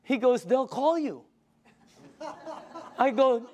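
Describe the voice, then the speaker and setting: An older man giving a sales pitch, enthusiastic and emphatic, telling stories to his audience. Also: expressive, moderate pace. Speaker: sales presenter.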